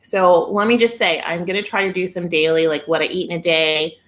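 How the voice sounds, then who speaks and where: Giggly woman chatting on a phone live stream, voice sits a bit low, talks to viewers like friends. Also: steady tone, a little fast, fairly bright tone. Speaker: weight-loss vlogger hosting a live stream. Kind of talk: casual live-stream chat.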